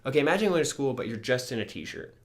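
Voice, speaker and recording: A man's voice: medium pitch, sing-song, fast talker. A young man co-hosting a podcast in casual chat, laughing often and swearing freely. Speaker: podcast co-host.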